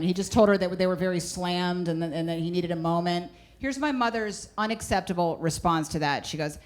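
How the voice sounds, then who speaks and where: Woman comic, chatty and wry, mid-pitch voice. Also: expressive, a little fast. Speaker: stand-up comedian. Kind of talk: stand-up storytelling.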